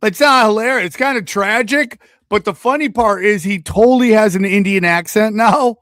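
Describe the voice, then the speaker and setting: Male podcast host, a bit high-pitched, jokey and fast-riffing. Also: fairly bright tone, dry recording, studio quality. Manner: joking, riffing, bursts into goofy put-on voices. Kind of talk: casual comedy podcast chat.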